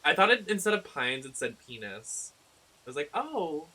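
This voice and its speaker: A man streaming a game live, talking in excitable, emotional commentary and swearing freely. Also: a little high, moderate pace, breathy edge.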